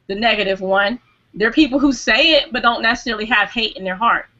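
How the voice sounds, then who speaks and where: Woman guest in a video chat, earnest, lots of "you know"s, sharp bright tone, kinda muffled call audio. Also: on the high side, fast. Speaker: hangout panel guest. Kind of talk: casual group discussion. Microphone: video call microphone.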